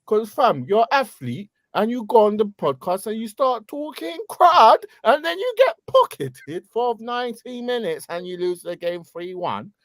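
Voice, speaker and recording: A young man with a London accent, co-hosting a football podcast and mocking players in slangy, animated banter. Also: high voice, normal speed, hardly any pauses, no room sound. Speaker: podcast co-host.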